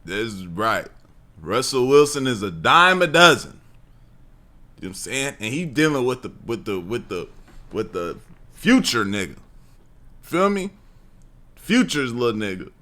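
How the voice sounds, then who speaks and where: Brief: bright, lively male voice, emphatic and repetitive. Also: mid-range voice, unhurried, long pauses. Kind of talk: casual reaction commentary.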